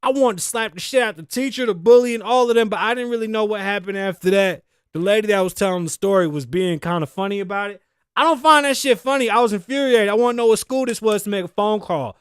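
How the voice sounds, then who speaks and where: A middle-aged man hosts his podcast in a high, lively voice, ranting and cursing through casual commentary. He wheezes a little as he talks. The recording is close and dry. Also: fast, smooth, no echo. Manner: profane, animated, ranting. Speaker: podcast host.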